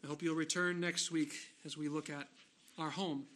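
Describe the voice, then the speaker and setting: Bright-voiced male preacher. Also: level tone, slight background noise. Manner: emphatic preaching, slowing and rising on key phrases; softer, lower voice in closing prayer. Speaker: pastor. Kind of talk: sermon.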